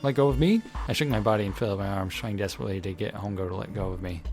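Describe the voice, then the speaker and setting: A man's voice: deep voice, fairly even intonation, racing. A man reading a visual novel aloud as a let's player, narrating dramatically with crude asides. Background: game music.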